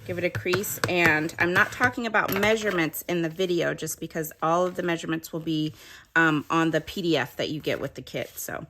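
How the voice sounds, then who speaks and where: A woman's voice: low voice, a little fast, noisy background. A woman giving a casual craft tutorial, chatting and explaining each step as she works. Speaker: craft demonstrator.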